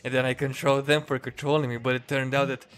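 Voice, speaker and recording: A man putting on the voice of a self-pitying female comic villain, delivered slowly, loudly and overwrought in mockery. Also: medium pitch, flat delivery, clean tone, close to an everyday voice. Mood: mocking, melodramatic. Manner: slow, loud, overwrought mocking delivery.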